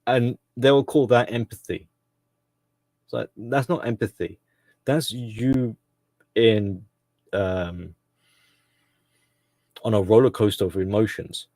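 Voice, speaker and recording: A man with a fairly low voice, holding forth in a casual solo commentary. He rambles, fills pauses and corrects himself as he goes, recorded dry and close. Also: darkish tone, no echo. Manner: rambling, frequent fillers and self-corrections.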